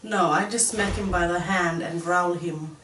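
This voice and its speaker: A young woman from Far North Queensland, a guest mother, who speaks softly and gives short answers. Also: fairly low pitch, measured pace, a little hiss or hum. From Far North Queensland, Australia. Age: young adult. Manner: soft-spoken, short answers. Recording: echoey room, mic at a distance.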